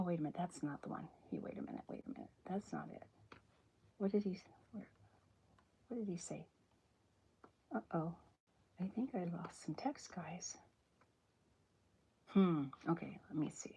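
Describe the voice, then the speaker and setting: A woman chatting in a soft-spoken, whispery way during an ASMR drawing livestream, rambling and correcting herself as she goes. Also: lowish voice, lively intonation, normal speed, long pauses, husky. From American South. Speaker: cartoonist streaming live.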